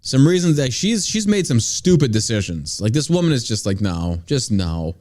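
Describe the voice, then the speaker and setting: A man's voice: a little high, big pitch swings, brisk, darkish tone. A man hosting a podcast, ranting through political commentary in a heated, profane way. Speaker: podcast host.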